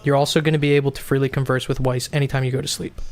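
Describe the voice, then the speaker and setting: A man's voice: medium pitch, level tone, very fast. Man running a tabletop game. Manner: explaining rules patiently, checking in with "okay?". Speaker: game master.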